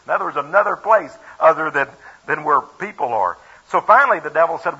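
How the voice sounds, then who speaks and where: A man's voice: on the high side, big pitch swings, brisk, bright, forceful tone, husky. Folksy preacher man on lo-fi radio. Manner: folksy, emphatic storytelling with chuckles. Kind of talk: sermon retelling a Bible story. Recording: dull, lo-fi radio broadcast.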